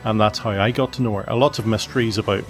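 A man's voice: on the low side, fairly even intonation, fast, soft background music. Man, middle-aged, podcast host, chatty, questioning. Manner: chatty, asks questions, restarts sentences. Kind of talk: casual family podcast chat.

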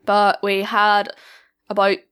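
Teen girl on a family podcast, telling a story in a casual, hesitant way. Her pitch sits at a middling level for a woman. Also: monotone, slow pace, fairly bright tone, smooth. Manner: hesitant, chatty recounting. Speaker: podcast guest.

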